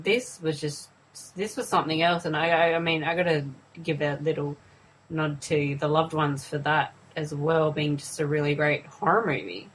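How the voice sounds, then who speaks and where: A woman's voice: sits low, slightly rough, poor audio. A woman in a casual film review chat, earnest and hesitant, with many ums. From Australia.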